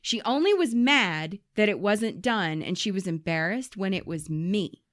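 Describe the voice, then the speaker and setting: A woman's voice: medium pitch, a little slow, dry recording, studio quality. A woman hosting a podcast in casual chat, telling stories with lots of swearing and acting out the people she quotes. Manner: animated storyteller, swears freely, acts out quoted people. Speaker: podcast host.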